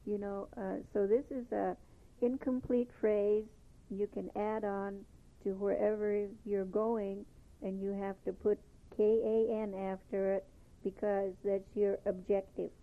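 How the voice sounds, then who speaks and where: A woman teaching a language lesson, patiently repeating each phrase slowly before explaining it. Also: medium pitch, little pitch movement. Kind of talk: slow spoken language lesson. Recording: tinny phone-like lo-fi recording.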